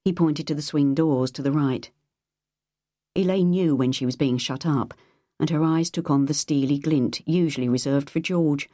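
A woman's low voice narrates an audiobook in a calm, even storytelling style. The recording is dry and of studio quality.

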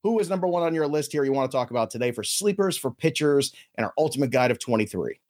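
A man hosting a fantasy baseball podcast, energetic and joking as he reads plugs and introduces guests. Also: medium pitch, quick pace. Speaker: podcast host.

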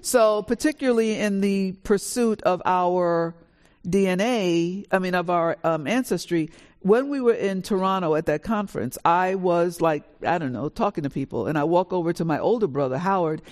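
A woman spins an anecdote on a stage in front of a live audience, her voice leaping up and down as she acts out each exchange. She talks like a natural storyteller, forceful and animated, always in charge of the tale. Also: moderate pace. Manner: lively, acts out dialogue with big pitch swings. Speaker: author and panel guest.

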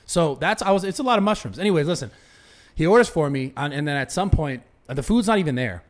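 A man's voice: fairly high pitch, lively intonation, quick pace. A young man on a podcast, telling a story animatedly, swearing a lot and restarting his sentences. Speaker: podcast host. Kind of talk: casual podcast chat.

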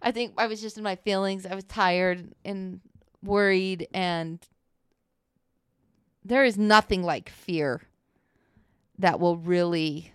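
A woman co-hosting a casual chat about her relationship, animated and laughing, swearing freely as she tells stories. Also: medium pitch, slow pace, pauses often, clear, resonant tone, no room sound, studio quality. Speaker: co-host.

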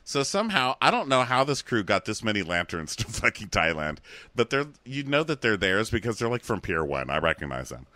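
A man's voice: on the low side, big pitch swings, a little fast, bright, forceful tone, dry recording. A man co-hosting a casual recap chat, snarky and profane. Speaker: podcast co-host.

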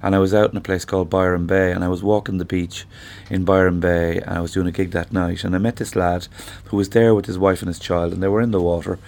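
An Irish man in his sixties, a singer-songwriter guest telling stories in a thoughtful, unhurried way during an interview. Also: sits low, level tone, darkish tone. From Ireland. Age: 60s. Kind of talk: reflective conversational interview.

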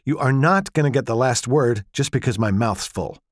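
A man voicing a sharp-witted woman archaeologist who snaps quick, exasperated retorts at her husband in an audiobook. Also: mid-range voice, lively intonation, no room sound, studio quality, natural voice.

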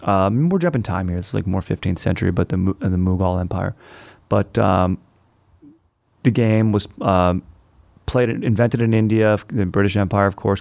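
Low gravelly laid-back young guy. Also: a little mellow, no echo. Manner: laid-back, profane, says "dude" constantly. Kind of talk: casual chat.

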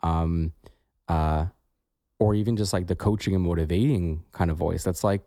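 Low, mellow-voiced man on a podcast. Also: fairly even intonation, moderate pace, dry recording, studio quality. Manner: reflective, many "like" fillers. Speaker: podcast co-host. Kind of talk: casual podcast conversation.

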